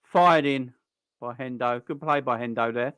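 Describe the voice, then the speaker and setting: Bloke doing a footy watchalong stream, rambly chat with viewers, normal pitch, dry close sound. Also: male voice, measured pace, a bit bright, clean tone, no room sound. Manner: chatty and rambling, greets viewers and answers chat. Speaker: live-stream host. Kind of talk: casual football watchalong commentary.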